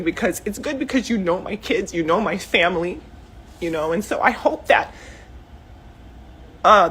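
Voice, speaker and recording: A woman's voice: medium pitch, a bit bright, slightly rough. A middle-aged mother speaking emotionally and heatedly to camera from her living room, rambling with many fillers. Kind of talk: emotional direct-to-camera statement. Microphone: self-recorded camera video.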